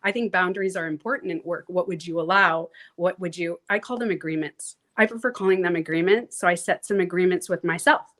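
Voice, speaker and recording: A woman coach talking casually in an interview, animated, acting out inner voices and laughing easily. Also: fairly low pitch, brisk, hardly any pauses. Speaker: transformation coach, guest.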